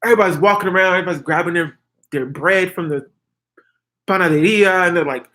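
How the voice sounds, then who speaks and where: A woman in her twenties, a vlogger, casually telling a story to her viewers in an animated, chatty way, full of "like" and "girl". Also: fairly low pitch, a little fast. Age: 20s.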